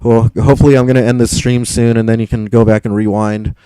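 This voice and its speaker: A frustrated young man rambles through a live stream, answering his chat and tripping over repeated words. His voice is dark and smooth, recorded dry and close. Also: medium pitch, little pitch movement, fast talker, no echo, low-quality recording.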